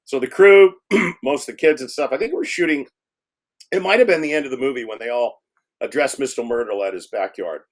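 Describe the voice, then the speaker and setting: An older man tells stories from his directing days in a loose, rambling way. He stops and restarts often and fills gaps with um and you know. His voice grows animated when the story turns funny. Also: medium pitch, brisk. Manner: rambling, many fillers and restarts. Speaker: film director guest. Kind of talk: casual storytelling interview.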